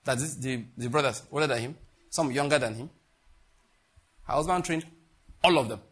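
A man preaching a sermon as pastor, repeating phrases and swinging between loud and hushed delivery. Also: mid-range voice, normal speed, breathy edge.

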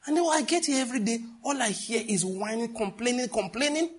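A man's voice: very high-pitched, quick pace. A middle-aged man with a Nigerian accent preaching a sermon, exhorting his listeners and telling stories from his own life. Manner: animated and exhorting, with storytelling asides.

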